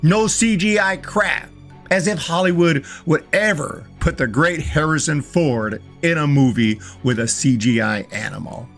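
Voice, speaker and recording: Male vlogger, slightly high voice, eager casual reviewer who trips over words, faint music behind. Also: measured pace, a bit bright. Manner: enthusiastic, restarts and repeats words often. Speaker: movie reviewer.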